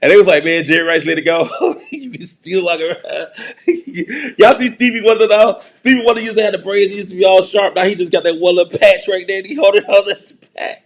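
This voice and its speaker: A man's voice: high-pitched, a little fast. A middle-aged man hosting a show, giving a casual, joking commentary monologue and laughing often. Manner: joking, laughing often, mocking put-on voices. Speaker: show host.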